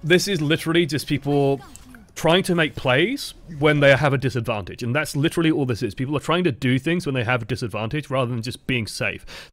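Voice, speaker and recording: A man's voice: mid-range voice, no room sound. An English man coaching over gameplay footage, talking in a casual, rambling and profane way. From England. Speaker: game coach. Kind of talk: gameplay review commentary.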